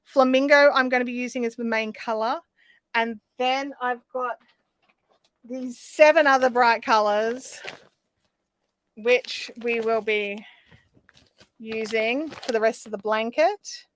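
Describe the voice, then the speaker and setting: A woman's voice: a little high, slow, long pauses, a little hiss or hum. A woman hosting a casual live stream, rambling with lots of ums while answering chat comments. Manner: rambling with frequent ums and restarts. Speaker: livestream host.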